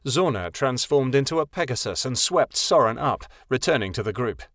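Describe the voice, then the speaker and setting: Male fantasy narrator, steady and even, mid pitch, dry booth sound. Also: normal speed, no room sound. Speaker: audiobook narrator. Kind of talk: scripted narration.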